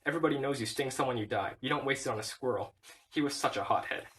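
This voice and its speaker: A man's voice: medium pitch, fast, fairly bright tone, recorded from a distance, slight background noise, lightly acted. A man reading as a young bee graduate. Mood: chatty.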